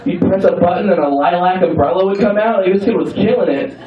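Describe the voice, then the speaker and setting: A man's voice: sits high, fast, recorded from a distance. A young man doing a stand-up comedy set in a club, playful and teasing with the crowd, swearing freely. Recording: roomy club sound from afar, dull. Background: audience laughter.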